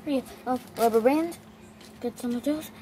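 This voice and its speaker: A woman narrating a toy doll shopping game in a chatty, halting way with plenty of fillers, on a noisy home recording. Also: high voice, warm tone. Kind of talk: playful toy role-play narration.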